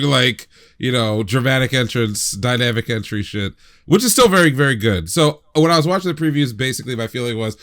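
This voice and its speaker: Male podcast co-host, clear full voice, mid pitch, thinks out loud. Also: a little fast. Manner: rambling, filler-heavy explaining. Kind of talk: casual chat.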